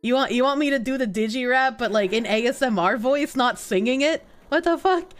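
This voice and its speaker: Soft music plays behind a young woman streaming a game live, her voice fairly high, smooth, and fairly quick. She chats crudely and casually with viewers, joking as she plays.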